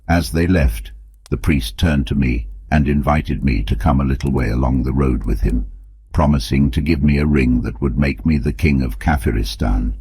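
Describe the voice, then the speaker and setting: A man narrating an audiobook with a very deep, husky voice and a steady, measured delivery. The sound is dry and close, with no room around it. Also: dry recording. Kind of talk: scripted narration.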